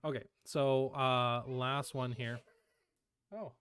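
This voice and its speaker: A man's voice: mid-range voice, fairly even intonation, slow pace, fairly bright tone, clear, resonant tone. A young man co-hosting a casual podcast, laid-back and laughing often as he plays clips. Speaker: podcast co-host.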